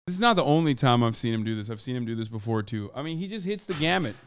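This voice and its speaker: A man's voice: mid-range voice, lively intonation, quick pace, slight background noise. A man in his thirties streaming casual reaction commentary, rambling with many fillers and restarts, swearing and now and then bursting out in exasperation. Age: 30s.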